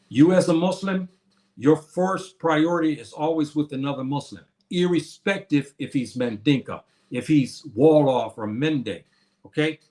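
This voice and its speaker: A man's voice: medium pitch, darkish tone. A middle-aged man giving an informal, emphatic lecture, repeating his points and calling his listeners brothers and sisters. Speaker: speaker on history and religion.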